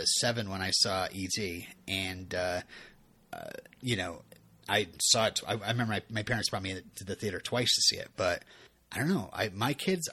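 A man's voice: on the low side, fairly bright tone, breathy edge. A man in his thirties co-hosting a podcast, recapping episodes in a rambling, self-interrupting way with frequent chuckles. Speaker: podcast co-host. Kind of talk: casual recap chat.

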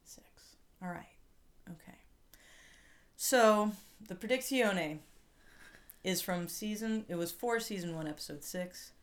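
A woman's voice: medium pitch, slow, pauses often. A woman co-hosting an improv comedy podcast, in casual, playful banter. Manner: playful, wry. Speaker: podcast co-host.

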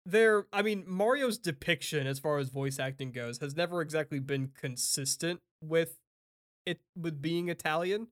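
A man co-hosting a casual chat, animated and opinionated, laughing often and swearing freely. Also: fairly high pitch, normal speed. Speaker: podcast co-host.

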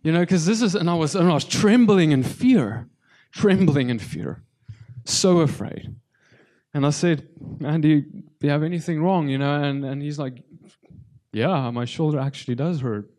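A tearful man giving a testimony sermon, stumbling and repeating himself as he talks to the congregation. His voice sits a little high for a man, with a mellow, dark tone. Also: animated. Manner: halting, repeats words, addresses congregation. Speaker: preacher.

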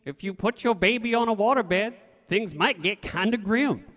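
A man's voice: high-pitched, normal speed, a bit bright, in a large hall. A man voicing a rhyming computer salesman. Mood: pitching. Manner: sing-song rhyming sales patter.

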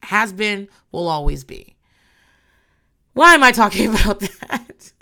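Blunt, creaky-voiced woman recapping TV. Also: medium pitch, very animated, slow, sharp tone. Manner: blunt, profane and rambling. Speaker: podcast host recapping a reality show. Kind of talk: casual chat.

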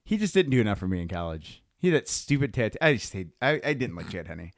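Lively, laughing man in casual sports chat. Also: on the low side, quick pace, no room sound, studio quality. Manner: animated storyteller, laughs often, swears freely.

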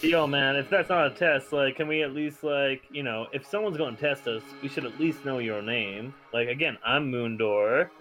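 A man's voice: medium pitch, moderate pace, hardly any pauses, fairly bright tone, soft background music, rough recording. A young man playing a tabletop game, talking in a loose, joking stoner-dude way full of "man" and "yo". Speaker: player. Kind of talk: casual in-character chat.

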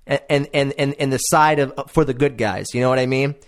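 A man's voice: medium pitch, a little fast. A man hosting a podcast, talking in a laid-back, earnest way and often repeating words. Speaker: podcast host. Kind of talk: casual chat.

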